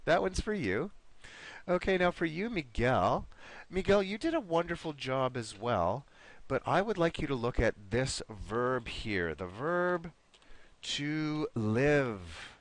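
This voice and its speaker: A man teaching an online class, giving each student encouraging feedback by name and slowly modeling pronunciation. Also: medium pitch, very animated, dry recording.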